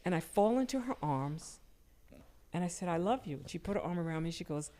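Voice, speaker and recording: An older woman telling personal stories in casual conversation, her voice jumping up whenever she quotes someone. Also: brisk. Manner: animated, jumps high when quoting people. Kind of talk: casual storytelling.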